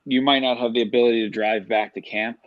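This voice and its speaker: A man's voice: mid-range voice, steady tone, fast talker, dry recording, lo-fi sound. A middle-aged man, an author and coach, explaining in an earnest, conversational way as a podcast guest. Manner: earnest, conversational, uses examples. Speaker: author and youth sports coach. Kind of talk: casual interview chat.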